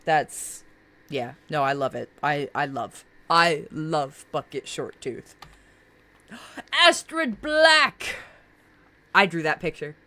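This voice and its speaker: A woman's voice: sits low, measured pace, a bit bright. A woman streamer in casual live-stream chat, reacting to viewers' characters in a bubbly, gushing way with many fillers.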